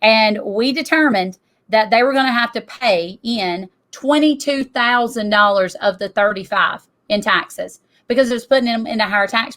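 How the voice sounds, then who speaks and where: Middle-aged woman, a touch higher voice, emphatic and conversational; presenting to an audience. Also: a bit bright. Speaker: tax business owner.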